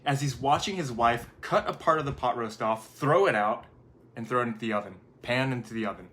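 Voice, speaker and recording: Man, 30s, casual motivational talk, conversational storyteller, self-correcting, mid pitch. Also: animated, a little fast, fairly bright tone. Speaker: video host.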